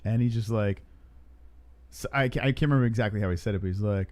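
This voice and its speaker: A man's voice: lowish voice, quick pace, darkish tone. A man co-hosting a live stream, chatting casually in a joking, rambling way. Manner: joking, rambling, with many fillers. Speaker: stream co-host.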